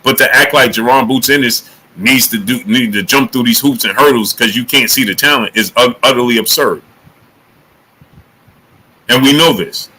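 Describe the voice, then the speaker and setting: With a medium pitch and moderate pace, the host of this live boxing talk stream energetically names viewers from the chat and keeps pushing the same question on them. A little hiss or hum mars the low-quality audio.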